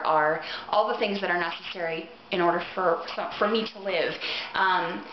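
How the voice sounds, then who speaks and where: A woman's voice: mid-range voice, fairly even intonation, unhurried, slight background noise. A woman recording a casual vlog, gushing earnestly about books she loves, with plenty of ums. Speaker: book vlogger. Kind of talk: casual book recommendation vlog. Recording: roomy, dull lo-fi webcam audio.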